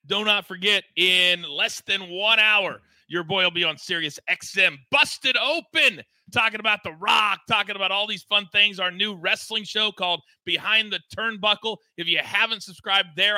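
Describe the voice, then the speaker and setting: Male betting-show host; high, piercingly bright, pumped-up promo delivery in a dry room. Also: moderate pace, few pauses, no echo. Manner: hyped, promotional, emphatic. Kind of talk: energetic sports betting show chat.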